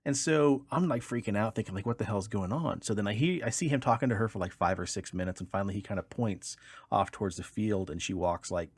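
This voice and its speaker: A man from Kansas co-hosting a podcast, an animated storyteller who swears freely in casual chat. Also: fairly low pitch, fast talker, breathy edge, no echo. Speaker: podcast co-host.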